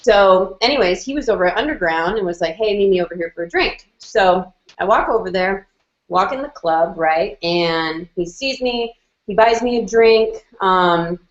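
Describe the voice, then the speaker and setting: This woman's mid-range voice is expressive and moves at normal speed as she chats through a personal story on a video call. Lots of "like" and "um" fill her talk, and she plays out what others said. Her audio is the muffled, roomy kind a video call produces.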